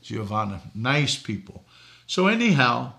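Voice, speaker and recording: An older man from Boston preaches in a gravelly voice with a bright edge. He tells folksy stories and chuckles at his own jokes while he hosts a talk show. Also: mid-range voice, big pitch swings, a little slow. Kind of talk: preaching talk show answering viewer questions.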